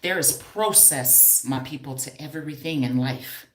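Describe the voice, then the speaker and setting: Loud teasing woman live from home. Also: rumbling low, a little slow, echoey room. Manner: loud, teasing, calls out to viewers. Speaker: hair stylist and educator. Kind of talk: casual live stream talk.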